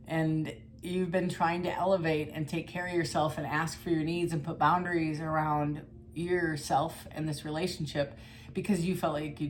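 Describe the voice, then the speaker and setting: A middle-aged woman with a slightly low voice chats her way through a tarot reading. She is blunt and rambling, dropping the odd swear word, and a faint background hum sits under her voice. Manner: chatty and blunt, with mild swearing and frequent laughs. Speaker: tarot reader. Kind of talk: casual tarot reading monologue.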